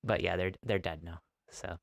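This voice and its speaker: A man giving a relaxed, encouraging online go lesson, with a playful streak. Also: low voice, normal speed, creaky, dry recording, studio quality. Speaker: go teacher.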